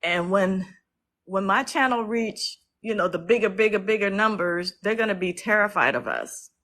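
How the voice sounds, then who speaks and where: A woman's voice: mid-range voice, a little slow, pushed and bright, low-quality recording. A woman hosting a casual livestream who speaks emotionally and outspokenly, swears freely and reads out viewer comments to thank them. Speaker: livestream host and activist. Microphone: phone livestream.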